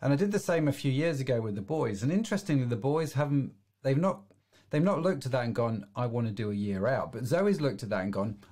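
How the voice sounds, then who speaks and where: A man's voice: medium pitch, big pitch swings, fast talker, darkish tone, husky. A middle-aged man hosting a podcast interview, chatting in an encouraging, agreeable way. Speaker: podcast host. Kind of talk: casual interview chat.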